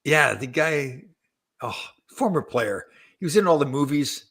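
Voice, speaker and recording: A man's voice: mid-range voice, expressive, measured pace, a bit bright, breathy edge. A middle-aged man from Canada hosting a casual show, rambling and correcting himself as he hunts for names. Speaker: show host, former hockey player. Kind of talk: casual live show chat.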